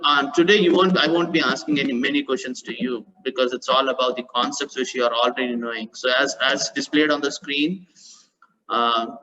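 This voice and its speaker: A man teaches maths in a live online class. He repeats his phrases, corrects himself as he goes and praises his students. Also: medium pitch. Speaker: maths tutor. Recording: dull lo-fi online call audio.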